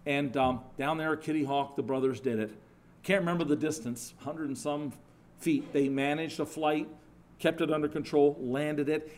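A man delivers a sermon in a conversational, animated storytelling style, with restarts and asides. His voice is somewhat high-pitched.

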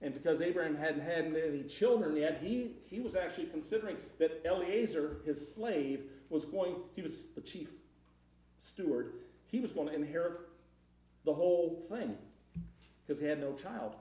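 A man's voice: on the high side, animated, moderate pace, mellow. A man preaching a sermon in a conversational way, repeating words and rising into emphatic passages. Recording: roomy hall, far from the mic.

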